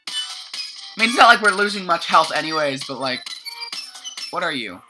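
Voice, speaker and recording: A young woman who just woke up provides casual let's play commentary in a lowish voice with lively intonation and a moderate pace. She's sleepy, talkative and self-mocking, often fumbling her words. Game music plays under her voice, and the audio quality is poor.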